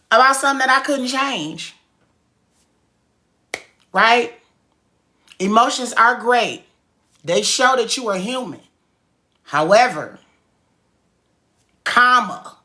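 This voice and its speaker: A woman's voice: fairly high pitch, lively intonation, takes it slowly, pauses often, sharp tone. A woman giving a casual motivational talk, emphatic and preachy, repeating her points in slangy everyday speech. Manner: casual slang-heavy delivery. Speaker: cookie business owner and speaker.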